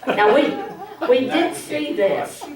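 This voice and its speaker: A woman's voice: high-pitched, expressive, takes it slowly, a crowd in the background. A woman giving a public speaking training talk, playful and full of uh fillers, acting out bad habits. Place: large hall. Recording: echoey hall from far off.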